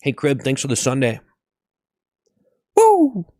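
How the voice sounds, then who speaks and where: Slow, clear-voiced man singing silly songs. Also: mid-range voice, no echo, clean studio sound. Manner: silly, improvising goofy song lyrics. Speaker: streamer. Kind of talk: improvised joke singing on a livestream.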